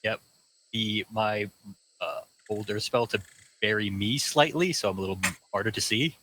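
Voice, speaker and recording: A man's voice: on the low side, normal speed, a bit bright, poor audio. A man playing a tabletop game who talks casually and fumbles for words. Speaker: player.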